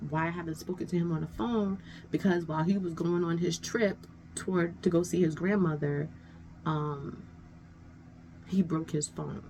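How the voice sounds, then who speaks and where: A woman's voice: sits low, gravelly, slight background noise. A woman telling a personal story in a casual, rambling way, full of "like" and "um," sounding exasperated as she talks it through. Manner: rambling, many fillers like 'like' and 'um'; exasperated, talking things through out loud. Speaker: storytime vlogger.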